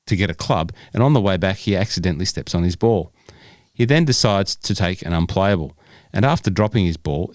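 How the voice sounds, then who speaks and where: A man's voice: sits low, no room sound, clean studio sound. A man co-hosting a casual podcast, joking around and stumbling as he reads questions aloud. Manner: jokey, stumbles and restarts when reading aloud. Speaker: podcast co-host.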